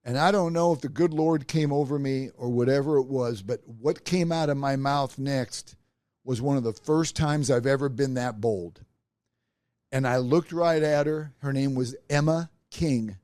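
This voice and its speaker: This middle-aged man, a podcast host from Nebraska, relates an episode from his career with animation, voicing the people in it. His pitch is medium. The audio is studio quality without any echo.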